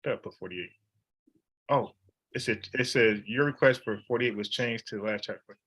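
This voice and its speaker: A man's voice: lowish voice, moderate pace, a bit bright, breathy edge. A man leading an informal Bible study, talking in an emphatic, slangy, conversational way.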